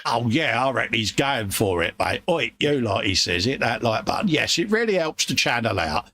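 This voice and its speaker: Chatty man with a gravelly voice. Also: medium pitch, sing-song, normal speed, sharp tone. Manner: chatty, matey, reads out viewer messages. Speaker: livestream host reading chat. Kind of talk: casual livestream chat.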